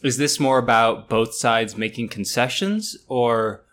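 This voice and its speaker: A young man co-hosting a chat podcast, with a middle-pitched voice and an eager, chatty way of talking. He jumps in quickly and pokes fun at himself. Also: fairly bright tone. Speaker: podcast co-host.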